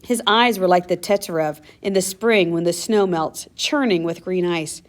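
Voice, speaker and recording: A woman narrating a first-person story in a measured, earnest audiobook reading. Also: on the low side.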